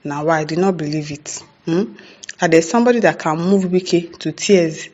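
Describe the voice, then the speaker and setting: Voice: medium pitch, normal speed, a little mellow, lo-fi sound. A commentator with a Nigerian accent giving casual news commentary. The commentator keeps asking rhetorical questions, adds "eh?" and "hmm?", and laughs between remarks.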